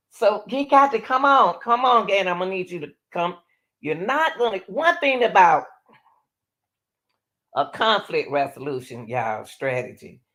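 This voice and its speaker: A woman host talking casually and explaining step by step as she comments on a recorded call. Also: lowish voice.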